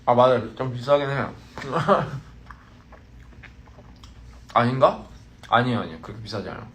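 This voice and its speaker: A man's voice: medium pitch, very fast, a bit bright, slight background noise. A man chatting casually on a phone live stream, playful and teasing, as a touring artist talking to his fans.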